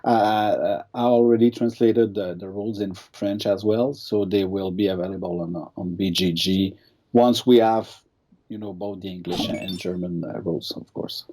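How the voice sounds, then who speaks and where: A man's voice: low voice, fairly even intonation, moderate pace, warm tone. A man being interviewed as a game designer, talking casually and hesitantly with many restarts.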